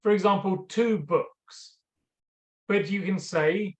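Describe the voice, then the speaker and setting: A man, a teacher talking slowly and simply to students over a video call, often restarting his sentences. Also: high voice, echoey room. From northern England. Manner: slow, simple explanations with frequent restarts. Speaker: English teacher.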